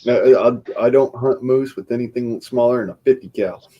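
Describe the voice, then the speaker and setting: A man's voice: mid-range voice, moderate pace, lo-fi sound. A man chatting casually, blunt and profane. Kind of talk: casual chat.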